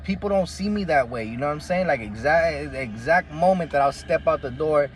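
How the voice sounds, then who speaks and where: A man's voice: animated, brisk. A man telling a story from his life in casual, slangy, profane talk, often calling the listener "G" and "bro.". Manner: acts out the quoted voices in a much higher pitch.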